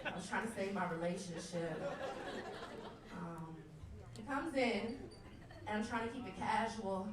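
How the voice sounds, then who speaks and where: A woman's voice: mid-range voice, a little slow, pauses often. A young woman doing a crude, brash stand-up comedy set on a club stage, often laughing through her lines. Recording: echoey club from far off, crowd. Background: audience laughter.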